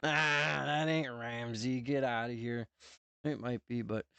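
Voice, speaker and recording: Man with a North Dakota accent, streamer, slangy and profane, smooth clear voice, dry close sound. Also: medium pitch, fairly even intonation, measured pace, bright, forceful tone, dry recording. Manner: loose, profane, full of "bro" and "man". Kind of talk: casual reaction commentary.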